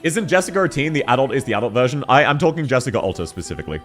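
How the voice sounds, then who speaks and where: Very animated and rapid-fire, a man talks loosely with his viewers on a live stream, laughing a lot while his pitch swings wildly. Faint, soft music plays behind him.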